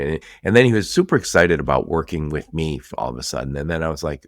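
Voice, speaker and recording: Deep-voiced man hosting a podcast. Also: quick pace, few pauses, no room sound, clean studio sound. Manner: animated storyteller, laughs often. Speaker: podcast host. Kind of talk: casual business podcast chat.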